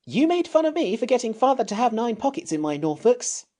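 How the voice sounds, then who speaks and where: A man's voice: very high voice, sing-song, a little fast, darkish tone, pitched above the performer's own voice. A man voicing a bossy, impatient young boy in a storybook reading, with a raised, pushy delivery. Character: bossy practical boy, eldest brother.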